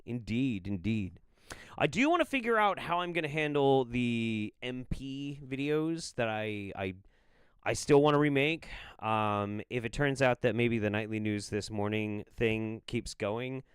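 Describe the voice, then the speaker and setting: A man's voice: mid-range voice, expressive, a little slow, clean tone, no room sound, clean studio sound. A middle-aged man hosting a casual livestream, reading viewer messages with an irreverent, profane, laughing manner. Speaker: livestream host reading superchats.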